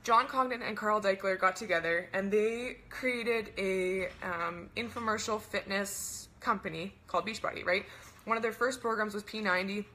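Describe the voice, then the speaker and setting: Chatty, bright-voiced young woman coach. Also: mid-range voice, a little hiss or hum. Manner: chatty, upbeat, fast-talking with lots of "right?" and "like". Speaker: online fitness coach. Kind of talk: casual webinar pitch.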